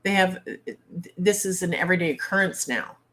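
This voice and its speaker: A woman hosting a casual livestream chat from home. Her voice sits fairly low for a woman, and she speaks bluntly with a salty, exasperated humor. She is picked up on a simple webcam mic. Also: fairly quick, a bit bright. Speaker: livestream host.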